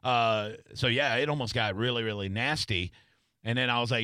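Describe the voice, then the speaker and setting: A man's voice: moderate pace, clean tone, dry recording. A middle-aged man telling rowdy stories in a casual podcast chat, profane and emphatic. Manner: animated, profane, swings high and loud for emphasis. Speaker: podcast host.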